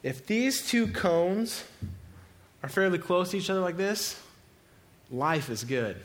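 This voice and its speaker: A male pastor preaching a sermon, animated, swinging between loud cries to God and quiet, low passages. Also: takes it slowly.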